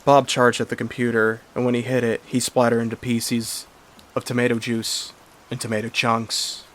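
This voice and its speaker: A man's voice: mid-range voice, completely flat delivery, normal speed, a bit bright. A man narrating a horror story in a plain, earnest storytelling manner. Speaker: creepypasta narrator. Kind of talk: story reading.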